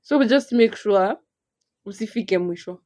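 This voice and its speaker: A young woman with a Kenyan accent, co-hosting a casual podcast chat in an animated way. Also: medium pitch, measured pace. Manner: animated, mixes English and Swahili, laughs often. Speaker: podcast co-host.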